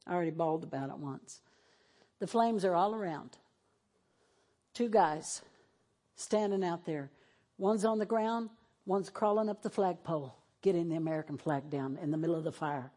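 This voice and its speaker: A woman preaches a televised sermon in a church sanctuary, shifting between fervent exhortation and tearful emotion. Her voice is on the low side and dark, at normal speed with long pauses.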